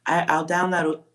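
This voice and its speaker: Woman psychic on a livestream, low voice, blunt, profane, laughs a lot. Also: a bit bright. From Texas. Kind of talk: casual livestream chat.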